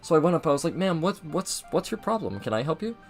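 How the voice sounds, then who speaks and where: A man's voice: a little high, quick pace, soft background music. A young man casually telling a rambling story over gameplay, acting out the people in it as he goes. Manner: rambling, animated, mimics people in his story. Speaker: gaming video host.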